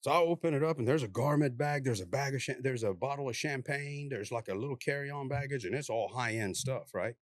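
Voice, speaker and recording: Ex-cop guy telling a story, laid back drawl, mid pitch, no room sound. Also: fairly quick, few pauses, no echo, clean studio sound. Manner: animated, acts out the people he quotes in a raised voice. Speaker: police officer telling a story. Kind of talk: casual storytelling in a podcast conversation.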